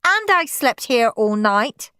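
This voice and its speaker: A woman's voice: fairly high pitch, big pitch swings, slow, bright, forceful tone, clear, resonant tone, no echo, clean studio sound, pitched above the performer's own voice, heavily acted. A woman doing a bossy, moody little girl. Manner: snappy, sneering.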